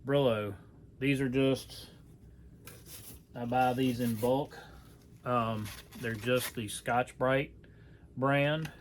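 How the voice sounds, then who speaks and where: A man with a mid-pitched voice talks through a hands-on workshop task in a folksy, rambling way. He stops for fillers and corrects himself as he goes, and faint noise sits under the recording. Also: steady tone, extremely slow, long pauses. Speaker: archery how-to presenter. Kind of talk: casual hands-on demonstration.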